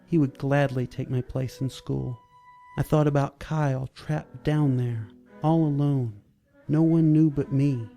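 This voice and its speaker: A man narrating a story in a measured, steady reading voice, with soft music behind. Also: medium pitch, gravelly.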